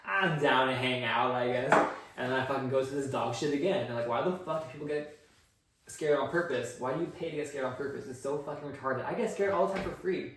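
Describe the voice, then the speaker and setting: A man co-hosting a casual podcast chat, ranting with constant swearing. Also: medium pitch. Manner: profane, ranting, heavy swearing. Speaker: podcast co-host. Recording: echoey room, distant mic, faint noise.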